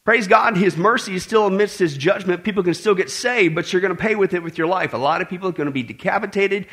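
A man preaching a sermon to a congregation, emphatic and animated, with joking asides and repeated warnings. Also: high-pitched, fast talker.

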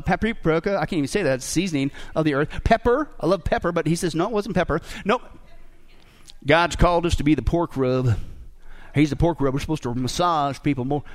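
Male pastor, sermon, high voice, very animated pitch, jokey, rhetorical questions. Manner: lively, joking preacher with rhetorical questions.

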